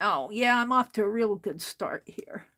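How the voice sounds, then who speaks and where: A woman's voice: medium pitch, lively intonation, normal speed, a bit bright. A woman hosting an art journaling demonstration, talking to herself as she stitches in a book and getting mildly frustrated. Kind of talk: casual crafting demonstration.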